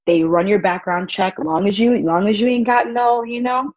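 Animated young woman with a husky voice. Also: medium pitch, moderate pace, dry recording, highs cut off. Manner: animated, acts out quotes with laughs. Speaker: guest, volunteer child advocate. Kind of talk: casual interview storytelling.

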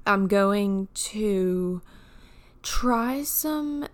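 Slow, smooth-voiced young woman podcaster. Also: mid-range voice, animated. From United States. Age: 20s. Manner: chatty, jokey, wandering tangents. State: groggy morning voice. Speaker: podcast host. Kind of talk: casual solo podcast chat.

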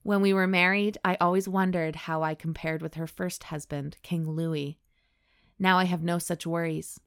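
Low-voiced woman reading aloud deadpan. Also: moderate pace, clean tone, no room sound, studio quality. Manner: deadpan reading broken by laughing asides. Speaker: podcast host reading erotica aloud. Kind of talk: dramatic reading with comic banter.

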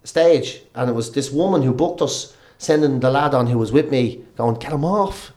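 A man's voice: medium pitch, normal speed, roomy sound. An Irish man, a comedian and radio presenter, telling swearing-laced anecdotes in casual chat. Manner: swearing, animated anecdotes, laughing. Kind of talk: casual podcast chat, storytelling.

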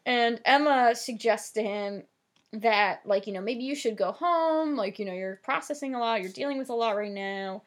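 A young woman with a New Jersey accent recaps episodes in loose, rambling podcast chat. Her voice sits a little high and leans on fillers like "like" and "um". She swears casually now and then. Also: normal speed. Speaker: podcast co-host.

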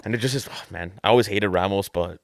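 A young man co-hosting a casual soccer podcast, talking in animated bursts with lots of restarts. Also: fairly low pitch, fast, creaky, slight background noise. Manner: animated, restarts often, says "man" a lot. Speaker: podcast co-host. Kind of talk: casual sports chat.

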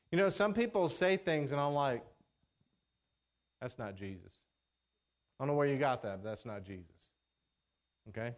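Conversational preacher, man, fairly high voice. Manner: conversational, checks in with "okay?" and "all right?"; reads scripture slowly in King James wording. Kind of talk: sermon.

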